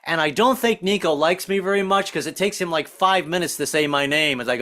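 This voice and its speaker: A man's voice: a little high, brisk, hardly any pauses, bright, forceful tone. A middle-aged American man doing a wry, self-deprecating stand-up set over a video call. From United States. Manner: wry, self-deprecating, puts on voices for jokes. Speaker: stand-up comedian.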